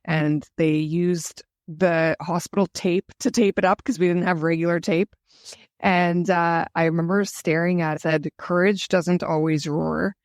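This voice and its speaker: A woman's voice: lowish voice, steady tone, a little slow, no room sound, clean studio sound. A woman guest telling her own story in an interview, earnest and reflective. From Canada. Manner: earnest, emotional, reflective retelling.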